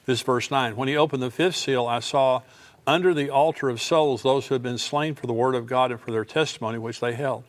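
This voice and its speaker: An older male pastor delivers a teaching sermon, moving between scripture reading and relaxed, everyday explanation. His voice sits at a middle, ordinary pitch for a man. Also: fairly quick. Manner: reads scripture then explains it in plain conversational asides.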